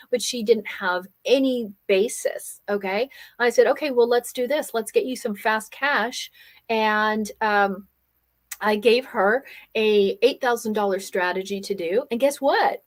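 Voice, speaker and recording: A woman from Germany who speaks English with no accent, talking as a coach in a live webinar. Her voice sits a little high, and she is energetic and persuasive, tagging nearly every point with a quick "okay?" or "right?". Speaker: business coach hosting a live workshop. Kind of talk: live webinar sales pitch.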